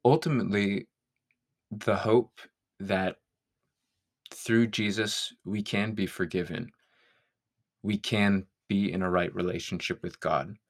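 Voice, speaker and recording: A man's voice: fairly low pitch, fairly even intonation, takes it slowly, long pauses. A man talking as a guest in a conversation, thoughtful and searching, sometimes laughing. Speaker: guest songwriter. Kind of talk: reflective conversation.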